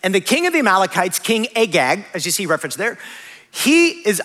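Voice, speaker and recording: Bright, high-voiced male preacher in a reverberant hall. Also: very animated, normal speed. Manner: conversational, self-correcting preaching with humorous asides. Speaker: pastor. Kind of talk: sermon.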